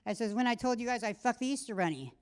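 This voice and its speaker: A woman's voice: on the high side, lively intonation, fast talker, darkish tone. A middle-aged woman doing a stand-up set in a comedy club, rambling and crude, breaking off mid-sentence and laughing at her own jokes. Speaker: stand-up comic.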